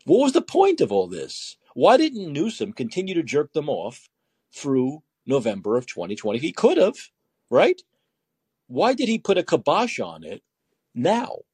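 Sarcastic laughing talk host. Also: male voice, a little high, huge pitch swings, measured pace, a little mellow, slightly rough, dry recording. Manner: sarcastic, laughing while reading news aloud. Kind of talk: late-night call-in commentary.

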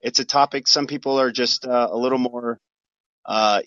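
A man who is a guest comedian and commentator on a podcast, talking in a halting, laid-back way with many restarts. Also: medium pitch, steady tone, fairly bright tone, no echo, highs cut off. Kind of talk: casual podcast chat.

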